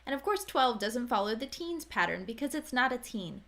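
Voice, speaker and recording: A woman with an American accent teaching English pronunciation, saying numbers slowly and carefully for learners to repeat. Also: on the high side, sing-song, pushed and bright. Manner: slow, careful, over-articulated modelling of words. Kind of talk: scripted pronunciation lesson.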